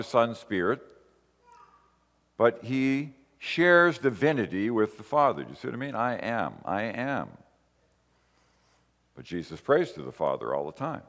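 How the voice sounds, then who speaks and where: A man's voice: medium pitch, a bit bright, long reverb tail. A man giving a conversational sermon, walking through a Bible passage and putting questions to his listeners. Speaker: preacher.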